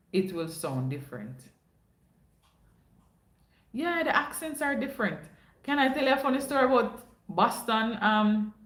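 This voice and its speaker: In an echoey room, a young Jamaican-accented livestream host chats casually and spins stories, slipping into patois here and there. Her voice is medium-pitched with a fairly bright tone.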